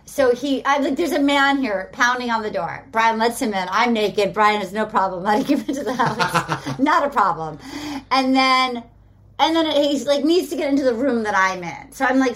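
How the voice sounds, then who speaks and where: A woman co-hosting a podcast, chatting casually and retelling scenes with lively quoting. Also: a little high, normal speed. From Australia. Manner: animated storyteller, quotes people in a lively way. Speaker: podcast co-host. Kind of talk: casual chat recapping a reality show.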